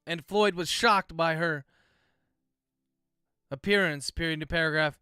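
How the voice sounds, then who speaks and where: A man's voice: a little high, measured pace, pushed and bright, clean tone, no room sound, clean studio sound, soft background music. A man, an author, dictates his novel aloud on a livestream, speaking each comma and period, then chats loosely with viewers. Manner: speaks punctuation marks aloud while dictating; loose, chatty asides to viewers between passages.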